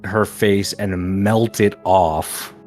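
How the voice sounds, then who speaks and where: A man playing a tabletop game, blunt and swearing freely, with music clearly behind him. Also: lowish voice, steady tone, takes it slowly. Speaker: player.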